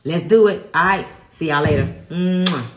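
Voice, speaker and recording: A woman's voice: sits low, normal speed, fairly bright tone. A woman hosting a wellness livestream, speaking affirmations and a motivational pep talk in an emphatic, preacher-like cadence. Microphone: livestream to a large online audience. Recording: roomy echo.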